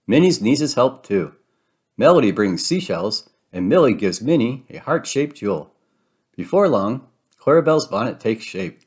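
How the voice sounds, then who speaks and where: A man reading a children's storybook aloud, gentle and clear. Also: fairly low pitch, expressive, normal speed. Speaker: storybook reader. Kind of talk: children's read-aloud narration.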